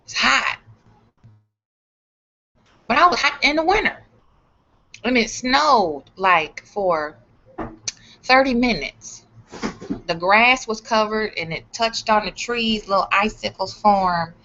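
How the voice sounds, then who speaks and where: Middle-aged woman from Chicago, bright forceful voice, loud profane vlog rant, dull lo-fi sound. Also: medium pitch. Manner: profane, animated, acts out other people's lines. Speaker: vlogger. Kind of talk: casual storytelling rant.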